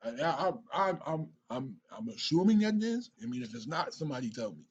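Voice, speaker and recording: A man hosting a reaction video, talking excitedly, stammering and repeating himself. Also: on the high side, a little fast, highs cut off, a little hiss or hum. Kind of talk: casual reaction commentary.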